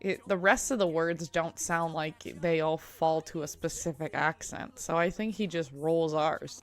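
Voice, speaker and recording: A young woman giving casual reaction commentary while watching a show, chatty and quick to laugh, asking lots of questions. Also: on the low side. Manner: chatty, laughing often, asks many questions. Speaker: reaction vlogger.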